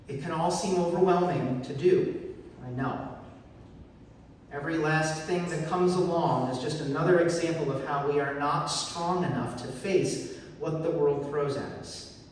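Pastor guy preaching, kinda high voice, phone recording from the pews, lots of church echo. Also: a little hiss or hum. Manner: earnest, emphatic preaching with dramatic pauses. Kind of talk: sermon. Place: church sanctuary. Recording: echoey church hall from far off.

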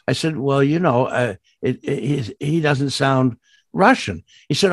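An older man, a voice actor, chatting in an interview and telling rambling stories with many restarts and sudden jumps up in pitch. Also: lively intonation, normal speed, no room sound, clean studio sound. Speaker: guest voice actor. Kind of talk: casual interview chat.

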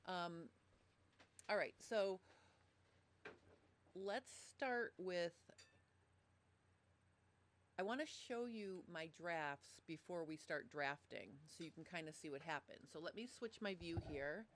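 A woman's voice: on the low side, slow, long pauses, a little hiss or hum. A woman giving a live-streamed sewing tutorial at a desk microphone, chatty and explaining step by step. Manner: chatty, apologetic about audio trouble. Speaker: sewing instructor.

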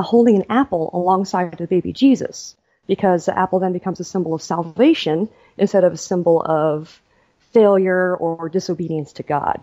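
Animated woman telling a story. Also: on the low side, lo-fi sound. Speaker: author and guest. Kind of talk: storytelling in a podcast interview.

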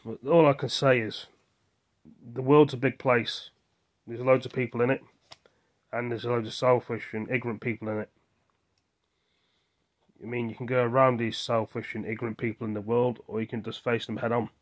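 A man's voice: medium pitch, flat delivery, normal speed, pauses often. A man venting his frustrations in a rambling video monologue, often asking and answering his own questions. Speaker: vlogger.

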